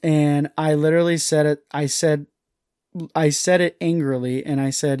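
A man's voice: fairly high pitch, steady tone, normal speed, a little mellow, clean tone, no room sound, clean studio sound. A man talking as an interview guest, earnest and confessional, often restarting his sentences. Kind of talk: casual chat.

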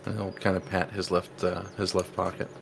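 A young man speaks low and gravelly while he plays his character at a tabletop game. He hesitates, fills gaps with ums and laughs, and a faint hiss of background noise sits under his voice. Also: level tone, brisk. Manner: hesitant, laughing, many fillers. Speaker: tabletop player.

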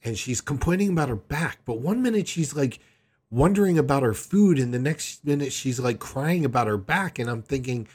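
A man with a husky, slightly breathy voice tells a long personal story straight to his viewers. His delivery is casual and rambling, jumping between details and often stumbling over his restarts. His pitch sits in the middle range for a man. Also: normal speed. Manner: rambling, animated retelling with frequent restarts. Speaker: vlogger.

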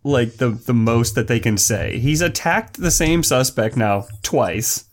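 A man's voice: medium pitch, unhurried. A man co-hosting a podcast, chatting animatedly about a TV episode and swearing freely. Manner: animated, profane, acts out quotes. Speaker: podcast co-host. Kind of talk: casual recap chat.

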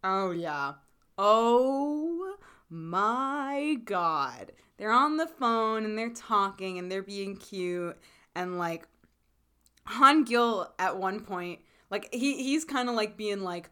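A woman's voice: mid-range voice, animated, slow, fairly bright tone, clear, resonant tone. Chatty, laughing young woman co-host. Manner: chatty, laughs often, many fillers. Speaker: podcast co-host. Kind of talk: casual recap chat.

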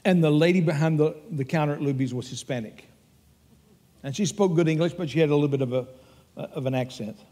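A man's voice: on the high side, brisk, dark tone, in a large hall. An older man with a Texan accent preaching a sermon as pastor, earnest and emphatic as he tells stories.

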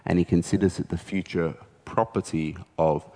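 A low-pitched male preacher delivering a sermon, telling the story conversationally and dropping in casual asides. His voice rings with a long reverb, as if in a large church hall. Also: steady tone, moderate pace, warm tone.

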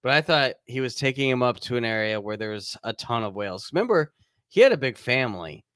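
A man's voice: medium pitch, quick pace, clear, resonant tone, dry recording, clean studio sound. A man co-hosting a podcast, casually recapping a movie plot with jokes. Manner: recaps the plot, relaxed and joking. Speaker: podcast co-host.

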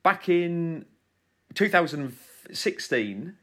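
A man's voice: on the high side, expressive, drawn-out words, a bit bright. A man co-hosting a podcast, telling stories in casual, self-mocking banter. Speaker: podcast co-host. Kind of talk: casual chat.

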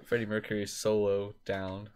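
A man's voice: fairly low pitch, monotone, moderate pace, darkish tone, slight background noise. A man in casual chat, blunt and swearing freely, making dry jokes while ranking bands.

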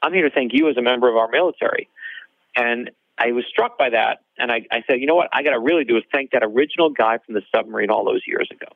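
Quick-talking guy telling a story, gravelly voice, thin phone-like sound. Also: medium pitch, no room sound. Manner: animated storyteller, acts out dialogue. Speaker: author guest. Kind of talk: storytelling interview. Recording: dry tinny phone-like line.

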